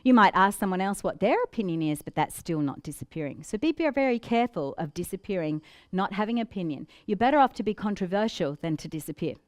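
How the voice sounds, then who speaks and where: A woman giving a business training talk, lively and demonstrative, acting out examples with giggles and changes of voice. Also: mid-range voice, quick pace, no echo, studio quality. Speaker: presenter.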